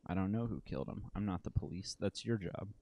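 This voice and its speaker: A man's voice: deep voice, fairly quick, lo-fi sound. A man reading the part of a snappy, defensive male cafeteria manager.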